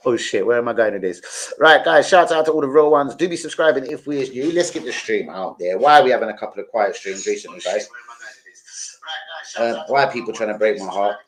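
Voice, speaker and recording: A man's voice: mid-range voice, brisk, poor audio. Chatty middle-aged man on a livestream. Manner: chatty, gives shout-outs to viewers; slangy, swears casually. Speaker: football fan livestreamer. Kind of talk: rambling live-stream chat.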